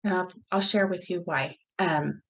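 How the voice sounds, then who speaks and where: A woman talks alone on her podcast in a slightly low voice. She is earnest and reflective and stops to pause and restart her thoughts. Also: low-quality recording. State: gets emotional at moments. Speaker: podcast host. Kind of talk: solo podcast talk.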